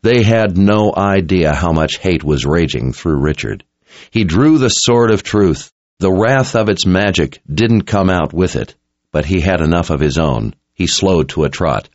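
A man's voice: sits low, animated, unhurried, no echo, dull audio. A man reading a dramatic story aloud as narrator, in an intense, scripted audiobook style.

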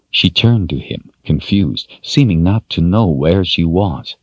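A man narrating an audiobook in a measured, expressive storytelling manner. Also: low voice, slightly rough, no room sound, highs cut off. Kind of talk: scripted narration.

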